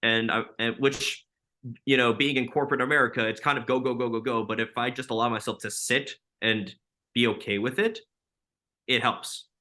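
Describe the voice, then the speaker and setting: Bright-voiced young man, rambling. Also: mid-range voice, fairly even intonation, normal speed. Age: 20s. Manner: loose, filler-heavy talk with many likes and ums. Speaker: podcast guest. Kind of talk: casual interview chat.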